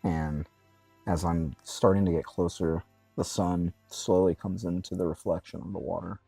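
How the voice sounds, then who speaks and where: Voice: deep voice, fairly even intonation, moderate pace, gravelly, warm tone, husky, dry recording, soft background music. A player in a tabletop game, describing their character's actions casually, with hesitant fillers.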